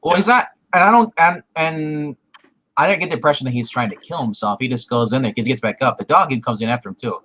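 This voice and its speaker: A man's voice: medium pitch, animated, fast, sharp tone, a little hiss or hum, rough recording. A man co-hosting a casual TV review chat, rambling with lots of fillers and restarts. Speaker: co-host reviewing a TV show.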